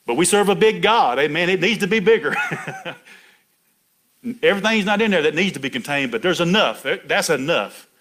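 A man's voice: a little high, fairly bright tone. A middle-aged man preaching a folksy sermon, chatty and laughing, calling out to people in the pews by name.

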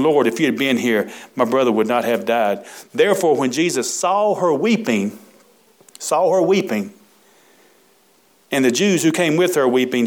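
A man preaches from scripture at an everyday pitch for a man. He is folksy and emphatic, stretching key words out slowly and turning aside to talk with his congregation. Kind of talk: sermon reading and expounding scripture.

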